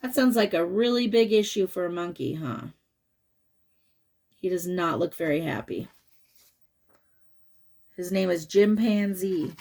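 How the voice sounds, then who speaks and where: A woman's voice: fairly low pitch, a little slow, vocal fry, long pauses, a little mellow. A woman reading a picture book aloud to children, chatting and asking them questions along the way. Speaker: children's story reader.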